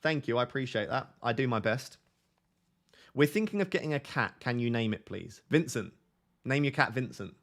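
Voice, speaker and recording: A man's voice: mid-range voice, expressive, moderate pace. A man hosting a casual fantasy football live stream, reading viewer comments aloud and joking and laughing with them.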